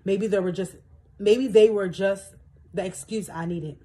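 A young woman with a D.C. talks on her podcast in a loose, rambling, reflective way, full of fillers. Her voice is husky and a little breathy, at a middle pitch for a woman. She drifts between her own life and lines she reads from a book. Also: steady tone, unhurried, mellow. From Washington, D.C. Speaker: podcast host. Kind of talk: casual personal reflection, reading from a self-help book.

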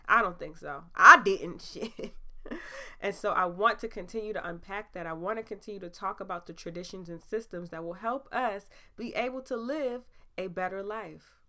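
A young woman hosting her own podcast as a live stream, chatting straight to her audience in an animated way and laughing often. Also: fairly low pitch. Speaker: podcast host. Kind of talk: casual live-stream chat.

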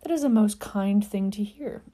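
A woman's voice: mid-range voice, normal speed, dark tone, pitched above the performer's own voice, close to an everyday voice. A woman voicing a posh young male wizard under a spell, speaking with vacant, saccharine politeness. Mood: prim. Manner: prim, saccharine, old-fashioned courtesy.

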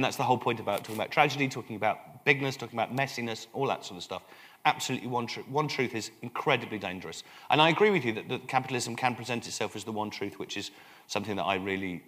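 An English man, a priest speaking as the guest at a live public conversation, animated and full of halting restarts. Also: mid-range voice. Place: London event hall.

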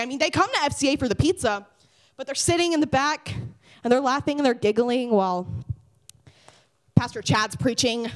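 A young woman giving a casual devotional talk to teens, lively and conversational, swinging from loud to hushed. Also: high voice, normal speed. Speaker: youth speaker.

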